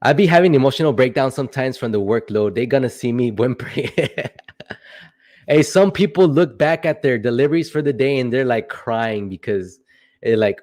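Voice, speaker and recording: A man's voice: mid-range voice, big pitch swings, normal speed, long pauses. A young man hosting a casual livestream, answering chat questions in a rambling, playful way with joking asides.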